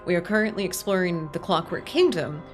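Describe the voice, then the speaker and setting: A woman's voice: fairly low pitch, fairly quick, soft background music. A woman streaming a game, chatting casually and reading the text aloud with emotional asides.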